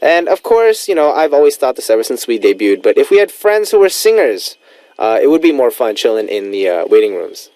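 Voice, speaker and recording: Male radio host, lively swinging pitch, quick, dry studio sound. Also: no room sound. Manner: animated, chatty, code-switching with Korean phrases. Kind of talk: casual radio chat.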